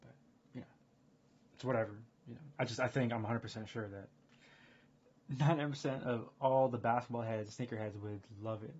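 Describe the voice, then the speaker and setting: A man streaming casual chat, rambling and excitable, full of fillers and restarts. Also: mid-range voice, brisk, pauses often, slightly rough. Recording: dull lo-fi stream audio.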